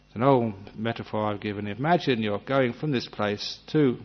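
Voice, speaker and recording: Gentle low-voiced man giving a dharma talk. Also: normal speed. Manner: gentle, humorous, acts out little scenes. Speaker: meditation teacher. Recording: dull lo-fi recording.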